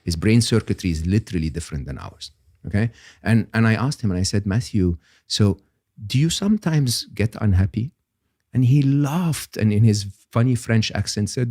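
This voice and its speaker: An older man, a guest on an interview podcast, explaining ideas in an animated, emphatic way and often checking in with "okay?". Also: on the low side, normal speed, no room sound, clean studio sound.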